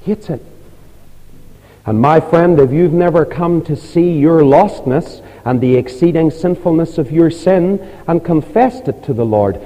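A man preaching an evangelistic sermon in a church, pleading fervently and climbing high on his appeals. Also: dark tone. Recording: long reverb of a large hall.

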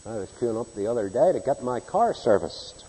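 A man preaching a sermon in a large hall with a long, ringing reverb. His voice is dark and a little husky, and his pitch jumps around a lot as he acts out the people in his stories. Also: big pitch swings, brisk. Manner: storytelling, mimics people in anecdotes, swings from hushed to loud.

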